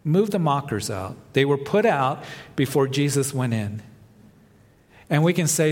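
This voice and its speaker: Male pastor, mid-pitched voice, sermon delivery with dramatic swells, church hall reverb. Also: expressive, a little slow, pauses often. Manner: preaching with rising emphasis and soft dramatic drops. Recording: long reverb of a large hall.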